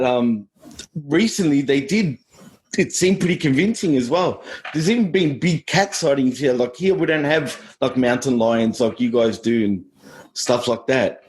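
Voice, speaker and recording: Australian man, mid pitch, loose casual podcast chat, easygoing, laughs a lot, salty language. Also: a little mellow. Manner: laid-back, swears freely, laughs often.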